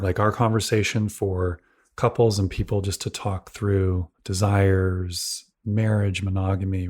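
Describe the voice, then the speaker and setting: A man co-hosts a relationship podcast, his voice fairly low with a husky edge. He speaks in a measured, thoughtful way, weighing his words as he talks things through. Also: a little mellow. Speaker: podcast co-host, relationship coach. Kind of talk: reflective casual discussion.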